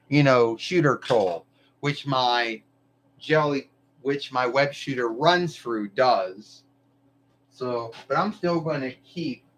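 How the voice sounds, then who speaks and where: A man hosts his live stream in an easygoing, wandering monologue. His voice sits at an ordinary middle pitch, and he drops casual swears as he goes. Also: low-quality recording. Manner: meandering, loose, swears casually. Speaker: livestream host.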